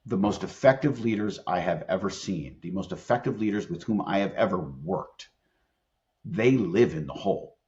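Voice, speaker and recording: A middle-aged man with a fairly low voice speaks as a podcast guest, earnest and emphatic as he tells stories. The sound is dull and a little lo-fi. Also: lively intonation, normal speed, darkish tone. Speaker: employment attorney and leadership expert guest. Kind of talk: conversational podcast interview.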